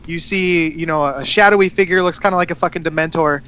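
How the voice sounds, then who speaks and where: A man with a high, bright and crisp voice talks in a loose, casual way. He recaps a story in long rambling runs, full of swearing and fillers. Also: quick pace. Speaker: podcast co-host. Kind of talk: casual chat.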